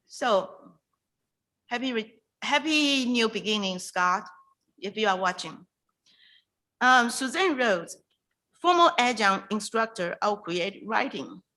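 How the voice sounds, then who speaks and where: Woman host on a video call, kinda emotional, bright voice, stops and restarts a lot. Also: a little high, poor audio. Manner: emotional, halting, with restarts and pauses. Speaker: event host introducing a poet. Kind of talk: heartfelt introduction at a virtual reading night.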